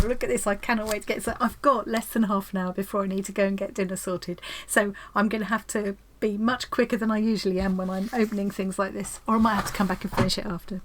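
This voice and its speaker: A woman, chatting excitedly and giggling as she unboxes a parcel in her home craft room. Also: medium pitch, noisy background. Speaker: craft vlogger. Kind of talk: casual unboxing chat.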